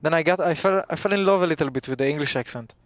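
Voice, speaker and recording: A man from Israel, a pro player chatting casually on an esports desk, halting and amused as he tells stories. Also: a little high, no echo. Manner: halting, self-correcting, amused storyteller.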